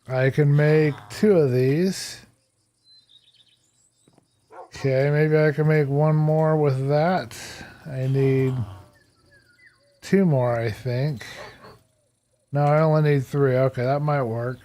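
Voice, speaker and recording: A man's voice: fairly high pitch, fairly even intonation, slow pace, long pauses, mellow. A man live-streaming a building game, talking casually as he works things out and laughing at himself. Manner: chatty, thinks aloud, self-deprecating.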